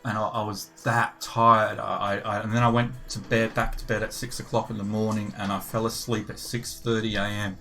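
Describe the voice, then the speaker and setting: A man's voice: on the low side, flat delivery, moderate pace, vocal fry, few pauses, pushed and bright, faint music behind. An older British man chatting casually on a gaming livestream, rambling and swearing freely as he tells a story. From United Kingdom. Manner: rambling and profane, with frequent swearing and restarts. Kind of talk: casual chat.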